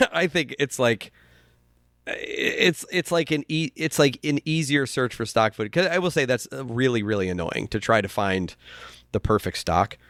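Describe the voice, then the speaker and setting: A man hosting a casual podcast chat, talking haltingly with frequent restarts and sighs. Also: mid-range voice, expressive, fairly bright tone, no room sound, studio quality. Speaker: podcast host.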